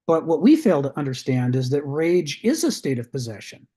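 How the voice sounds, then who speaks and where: A man's voice: on the high side, sing-song, moderate pace, hardly any pauses, warm tone. A man giving a recorded lecture, thoughtful, often repeating words as he starts a phrase.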